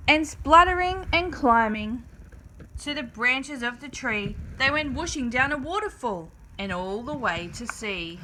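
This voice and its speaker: Animated woman reading a picture book aloud. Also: sits high, a little slow, slight background noise, poor audio. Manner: animated, rhythmic rhyming delivery. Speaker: storyteller.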